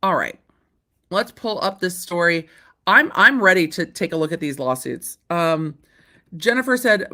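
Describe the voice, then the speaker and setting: A woman hosting a casual legal commentary show, bright and forceful in tone. She reacts with animated disbelief, repeats herself, and swears casually. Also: lowish voice, normal speed. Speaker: host.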